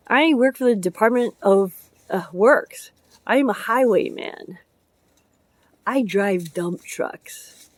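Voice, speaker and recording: A woman's voice: medium pitch, takes it slowly, pauses often, dry recording. A woman vlogging in a casual rambling way, hopping between topics and chatting about her chickens and her job driving dump trucks. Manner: chatty, jumps between topics, laughs often. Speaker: vlogger and public works truck driver. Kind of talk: casual rambling vlog chat.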